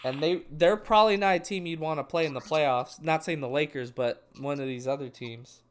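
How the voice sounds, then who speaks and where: A man's voice: fairly high pitch, brisk, clean tone. A young man co-hosting a casual sports chat, rambling and restarting his thoughts mid-sentence. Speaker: podcast co-host.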